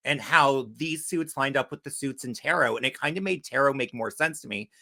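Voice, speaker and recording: A man's voice: mid-range voice, fairly quick, gravelly, pushed and bright. A man hosting a casual interview, eager and enthusiastic, with a lot of "like". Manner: enthusiastic, with frequent "like".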